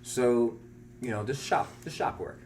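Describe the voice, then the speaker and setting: Animated storytelling man, swearing freely. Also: medium pitch, measured pace, background noise. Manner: animated, swears often, acts out voices in anecdotes. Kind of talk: casual storytelling chat.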